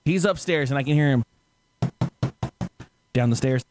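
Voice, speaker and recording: A man's voice: mid-range voice, moderate pace, music in the background. A man telling a story in a casual podcast chat, laughing often and acting out the people he quotes. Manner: animated, laughing, acts out quotes loudly.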